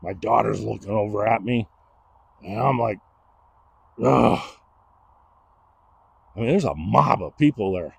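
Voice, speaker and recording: A middle-aged man, telling a personal story in a casual, animated way and acting out the voices of the people he quotes. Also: lowish voice, moderate pace, vocal fry, a little hiss or hum. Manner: animated, acts out quoted dialogue.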